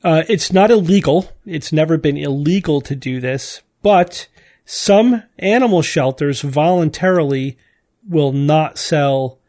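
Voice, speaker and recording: A man's voice: a little high, animated, a little slow, mellow. Chatty male podcast host. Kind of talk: casual panel chat.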